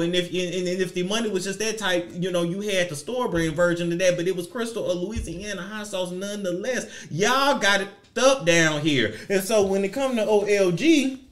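A man giving a sassy, profane, theatrical commentary rant, swinging his pitch and volume around. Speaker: commentary vlogger.

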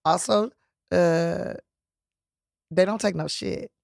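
A woman's voice: on the low side, slow pace, creaky, darkish tone, dry recording, clean studio sound. A woman comedian who is a guest on a podcast, chatting casually in a playful, joking but earnest way. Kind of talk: casual chat.

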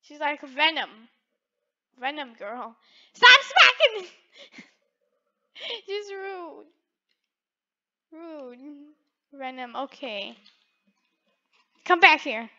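A woman's voice: high-pitched, animated, extremely slow, pauses often, sharp tone, muffled recording. A woman giving playful, teasing gameplay commentary with frequent giggles. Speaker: gaming video creator.

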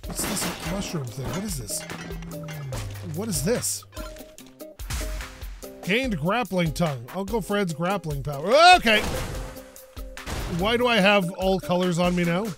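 High-pitched excitable man narrating a game. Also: measured pace, long pauses, over loud music. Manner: excitable and jokey, yelps and rambles. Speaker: gaming YouTuber. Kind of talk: let's play commentary.

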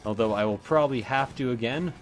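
A man's voice: mid-range voice, fast talker, a little hiss or hum. A man giving casual, rambling commentary while playing a video game, swearing often and drifting into asides. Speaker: let's play gamer.

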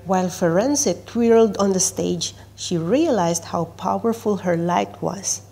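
A woman reads a children's picture book aloud, gentle and expressive. Her voice is husky. She takes it at a very slow, careful pace. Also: medium pitch. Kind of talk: storybook read-aloud.

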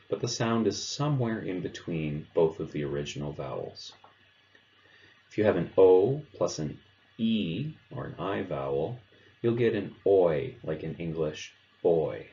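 Very deep-voiced man teaching pronunciation. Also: animated, warm tone, dull audio. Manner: clear, measured explaining. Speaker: language teacher. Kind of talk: instructional narration.

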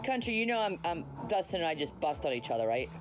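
A woman's voice: lowish voice, very animated, quick pace, over music. A woman hosting a casual phone livestream from home at night, chatty and teasing as she answers viewers' comments. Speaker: livestream host. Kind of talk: casual live chat with viewers.

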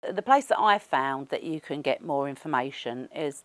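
A woman's voice: low-pitched, lively intonation, normal speed, no room sound. A middle-aged woman with a Cockney accent, chatting casually and rambling with lots of fillers as an interviewee. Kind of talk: casual chat.

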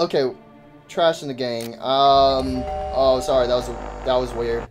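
A man giving casual gameplay commentary to his chat, excitable and joking in slang, yelping and shouting when startled. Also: mid-range voice, measured pace, loud music behind the voice. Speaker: gaming YouTuber.

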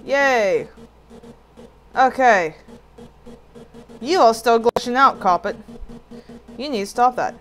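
A woman's voice: on the high side, animated, slow pace, long pauses. A woman casually commenting as she plays a puzzle game, talking back at the screen with jokey frustration. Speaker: gameplay streamer. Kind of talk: casual let's play commentary.

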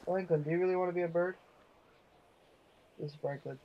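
A man's voice: sits high, fairly even intonation, fairly quick, lo-fi sound. A young man hosting a gaming video, giving playful, goofy commentary that drifts into sing-song. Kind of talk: casual game commentary.

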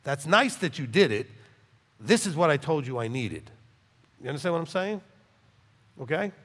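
A rabbi teaching Torah to a live class, acting out dialogues with big swings in loudness. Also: male voice, moderate pace. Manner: animated, acts out dialogues in wide swings of pitch and loudness. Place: hall with a live audience. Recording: long reverb in a hall.

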